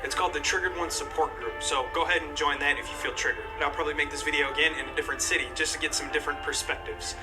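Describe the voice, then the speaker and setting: A man's voice: on the high side, steady tone, racing, hardly any pauses, low-quality recording. A man wrapping up a street-interview vlog, talking to viewers in an upbeat, teasing way. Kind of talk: vlog outro to camera. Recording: music under the voice.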